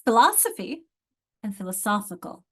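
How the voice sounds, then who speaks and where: A woman's voice: medium pitch, big pitch swings, moderate pace, breathy edge. A woman giving a training lecture on spelling and word structure to teachers. She explains in a conversational way, stretches out example words to show how they sound, and checks in with "isn't it?". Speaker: literacy instructor.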